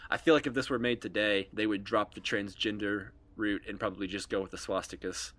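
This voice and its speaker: Bright-voiced man rambling about movies. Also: on the low side, fairly even intonation, fairly quick. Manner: rambling, many "like" fillers. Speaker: podcast co-host. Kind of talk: casual chat.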